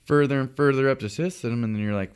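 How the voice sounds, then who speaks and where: A man's voice: mid-range voice, fast, clean tone. A young man, a fly fishing guide, chatting casually on a podcast with lots of fillers and restarts.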